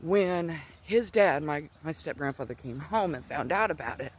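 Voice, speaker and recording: A man's voice: fairly high pitch, expressive, measured pace, background noise. A middle-aged man speaking in a slightly raised register, a little out of breath as he walks outside. He tells his story loosely, doubling back and restarting often. Faint rural outdoor ambience sits behind him. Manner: rambling, digressive storytelling with many restarts. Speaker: Christian vlogger. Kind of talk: casual personal testimony. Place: outdoors, walking.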